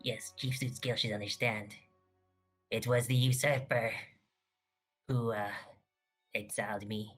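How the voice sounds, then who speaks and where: A player voicing a proud, exiled kobold shaman who speaks in a formal, measured way in a tabletop game. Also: mid-range voice, fairly even intonation, a bit bright, soft background music.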